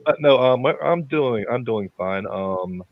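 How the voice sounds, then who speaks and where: A man's voice: mid-range voice, animated, unhurried, no echo. A man joining a comedic podcast, stammering heavily and laughing nervously. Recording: dull lo-fi mic with faint hiss.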